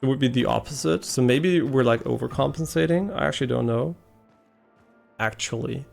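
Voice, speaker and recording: A man's voice: mid-range voice, quick pace, gravelly, a little mellow, soft background music. A man with a German accent, a native German speaker, chatting casually and hesitantly with viewers while streaming a game, with frequent ums and restarts. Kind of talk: casual live-stream chat while gaming.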